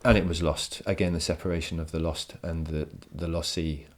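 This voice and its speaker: A man's voice: very deep voice, flat delivery, brisk. A male teacher giving a recorded poetry lesson from home, enthusiastic and explanatory, often repeating words as he thinks.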